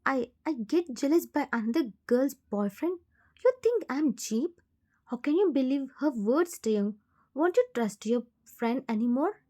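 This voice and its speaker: A woman's voice: sits high, lively intonation, a little slow, mellow. A woman voicing a heartbroken young woman who speaks in a tearful, accusing way. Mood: hurt, accusing.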